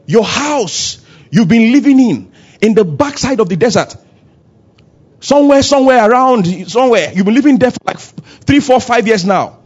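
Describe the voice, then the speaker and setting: Animated high-voiced preacher, husky. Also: male voice, normal speed, muffled recording. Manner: animated preaching, acts out dialogue, shifting loud and soft. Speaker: pastor. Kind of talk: sermon. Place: church service.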